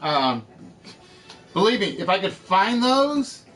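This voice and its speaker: A man's voice: high voice, very animated, takes it slowly, fairly bright tone, soft background music. A man hosting an online game show, chatting casually with viewers and often correcting himself as he talks. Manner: rambling, self-correcting, talking to chat. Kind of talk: casual live-stream chat.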